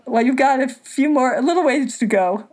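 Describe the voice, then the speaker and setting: A woman's voice: high-pitched, moderate pace, noisy background. A woman guest, a film director, chatting casually, enthusiastic and encouraging. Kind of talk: casual chat.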